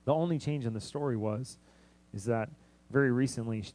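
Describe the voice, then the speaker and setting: A young adult man, a missionary pastor, preaching a sermon as a story, acting out the dialogue and swinging between hushed, quiet passages and loud, urgent ones. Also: medium pitch, a little fast, rough recording.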